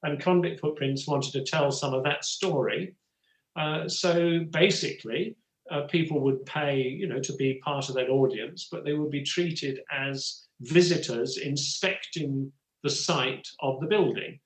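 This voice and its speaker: A man's voice: a little high, a little slow, reverberant, rough recording. A man in his sixties from England, an actor and writer telling stories as an interview guest, rambling with many "you know" asides. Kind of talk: relaxed storytelling conversation.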